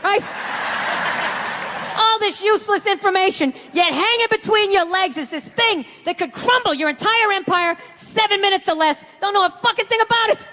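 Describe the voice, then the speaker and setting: A man doing a loud, profane stand-up routine on a comedy stage. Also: very high-pitched, normal speed, in a large hall. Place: comedy stage with a live audience.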